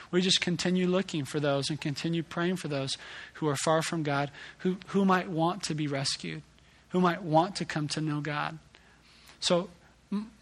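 A man delivers a church sermon in an earnest, conversational way. His voice sits a little high for a man. He often restarts his sentences as he speaks to the congregation. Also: a bit bright. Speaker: pastor. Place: church service.

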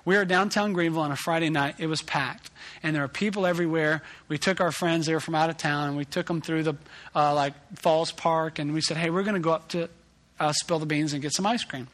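Animated man telling a story in a sermon. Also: fairly high pitch, fairly quick. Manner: animated storytelling, self-deprecating. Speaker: pastor.

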